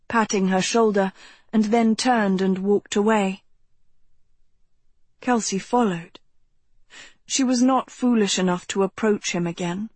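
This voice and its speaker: A woman reading a novel aloud as an audiobook narrator, in a gentle, measured storytelling manner. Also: medium pitch, breathy edge, no echo. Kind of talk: scripted narration.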